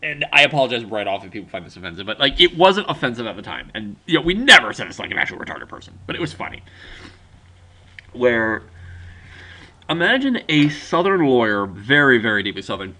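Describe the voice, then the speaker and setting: Rambling, lively young man vlogging. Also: mid-range voice. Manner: rambling, halting storytelling. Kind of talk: casual vlog monologue.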